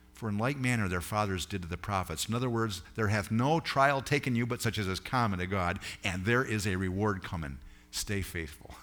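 A man preaches a sermon with a somewhat low voice, earnest and personal. He swings between emphatic, rising peaks and quiet, intimate asides to his congregation. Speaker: pastor.

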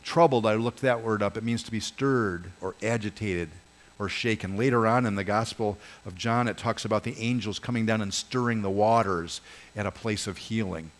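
A man preaching a sermon as pastor, earnest, swelling and dropping his voice for emphasis and speaking straight to his congregation. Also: normal speed. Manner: earnest, rises and falls in pitch and volume for emphasis; addresses congregation directly, asks them to join in.

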